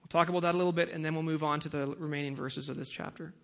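High-voiced man preaching casually. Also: fairly even intonation, very fast, vocal fry. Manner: casual, conversational preaching with fillers; prays in a soft, lowered voice. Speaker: pastor. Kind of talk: sermon.

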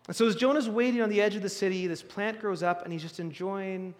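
A man's voice: high voice, fast. A man preaching a sermon in a conversational way, with restarts and sudden rises in emphasis. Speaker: pastor. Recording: long reverb of a hall.

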